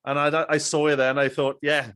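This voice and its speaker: A man's voice: a little high, little pitch movement, fairly quick, a bit bright, smooth. A man hosting a casual interview, giving friendly, encouraging replies to his guest. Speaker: podcast host.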